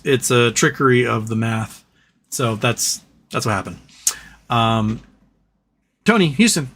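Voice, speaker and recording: A man's voice: mid-range voice, a bit bright. A man hosting a live stream, chatting casually and reading viewer comments, with a sarcastic, ranting, profane manner. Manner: ranting, sarcastic, profane, reads chat messages aloud. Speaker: livestream host.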